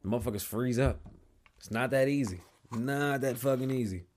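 A man hosting his own podcast from a small studio, talking casually, swearing often and getting loud and animated when he tells a story. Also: mid-range voice, normal speed, a little hiss or hum. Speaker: podcast host. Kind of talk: casual solo podcast talk.

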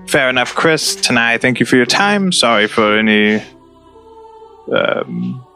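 Bright-voiced hesitant tabletop player. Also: male voice, medium pitch. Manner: polite, hesitant, many fillers. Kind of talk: tabletop role-play. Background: faint music.

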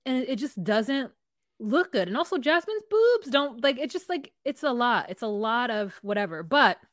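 A woman's voice: on the high side, big pitch swings, moderate pace, no room sound, clean studio sound. A woman co-hosting a podcast, chatting casually in a wry, gossipy way. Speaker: podcast co-host. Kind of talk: casual chat recapping a reality show.

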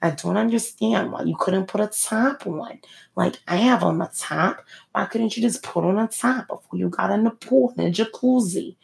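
A woman's voice: medium pitch, normal speed, creaky, a little mellow, pitched above the performer's own voice. A woman mimicking a prudish, indignant woman, putting on an accent while complaining. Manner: fussy, indignant, put-on accent. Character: prudish woman complaining about no swim tops.

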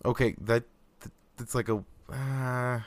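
A man's voice: mid-range voice, fairly even intonation, slow, no echo. A man chatting casually as a podcast co-host, with dry, easy humor. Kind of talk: casual chat.

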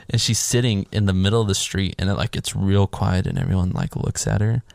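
A man in casual podcast chat, retelling a film scene by scene and acting out the characters in higher voices. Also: brisk, gravelly, dry recording. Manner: animated, acts out characters' lines in higher voices.

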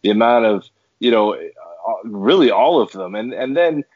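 A man's voice: fairly low pitch, big pitch swings, normal speed, a little mellow, slightly rough, no room sound. Man, angry sports podcast rant, emphatic, stumbling restarts, dry muffled sound. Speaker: podcast co-host.

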